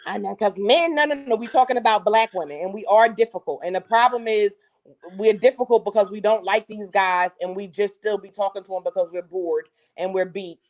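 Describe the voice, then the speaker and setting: A woman co-hosting a casual podcast chat, telling stories in a lively, slangy way. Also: mid-range voice, fairly quick. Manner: animated storyteller, slangy and laughing. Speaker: co-host.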